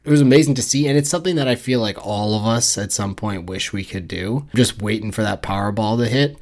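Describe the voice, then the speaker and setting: A man co-hosting a casual movie podcast, sarcastic and animated as he mocks the film's characters. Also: on the low side, quick pace. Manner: sarcastic, mocking impressions of characters. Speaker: podcast co-host. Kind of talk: casual movie review chat.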